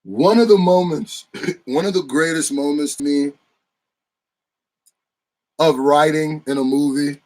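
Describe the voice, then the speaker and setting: A man giving an excited, slangy, casual movie review with bursts of shouting and laughter. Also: fairly high pitch, low-quality recording.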